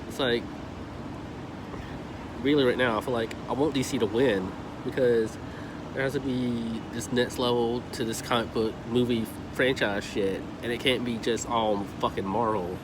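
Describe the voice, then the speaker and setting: A man's voice: medium pitch, steady tone, moderate pace, background noise. Profane ranting man, outdoors. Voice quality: profane, heated, rambling. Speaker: movie reviewer. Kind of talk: casual ranting review.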